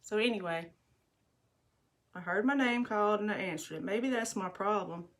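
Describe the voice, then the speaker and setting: Doing her makeup in her home bathroom, a middle-aged woman livestreams to viewers, telling stories in a chatty, rambling manner. She speaks with a medium-pitched voice at a moderate pace.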